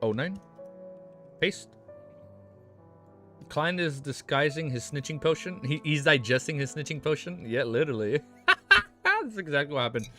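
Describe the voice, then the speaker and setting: A man streaming live, reading a novel aloud and breaking off to react excitedly, swearing and laughing with his chat. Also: on the high side, moderate pace, pauses often. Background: faint background music.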